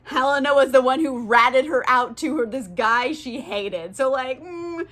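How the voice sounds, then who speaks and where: A woman recaps a book in a loose, comic way, giggling and swearing as she goes. Her voice sits a little high, and "like" fills her sentences. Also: normal speed, a bit bright. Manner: giggly, profane, lots of "like". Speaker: book vlogger. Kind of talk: casual comic book summary.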